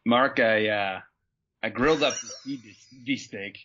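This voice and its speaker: A man co-hosting a comedy film podcast, rambling and halting through deadpan jokes. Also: fairly low pitch, slight background noise. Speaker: podcast co-host. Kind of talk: casual comedic chat. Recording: dull lo-fi audio.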